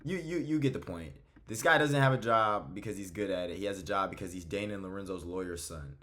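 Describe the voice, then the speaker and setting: A man's voice: low voice, quick pace, sharp tone. A young man hosting his own video channel, ranting bluntly and with heavy profanity. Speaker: MMA commentary YouTuber.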